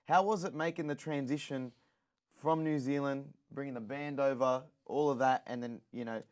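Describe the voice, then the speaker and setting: A man hosts a relaxed interview. His voice sits at a mid pitch, and his questions run on in a chatty way. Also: normal speed. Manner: chatty, asks long rambling questions. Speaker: host. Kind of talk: casual interview.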